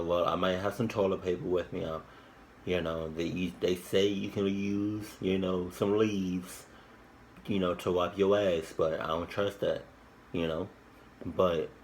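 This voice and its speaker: A man's voice: low voice, a little hiss or hum, poor audio. A man hosting a reaction video, rambling casually with crude jokes and lots of restarts and fillers.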